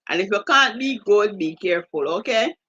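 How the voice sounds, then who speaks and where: A woman's voice: medium pitch, expressive, brisk, bright, forceful tone, slightly rough, no echo, dull audio. A woman with a Jamaican accent hosting a live stream, reading out viewer comments and greeting each viewer by name. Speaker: livestream host.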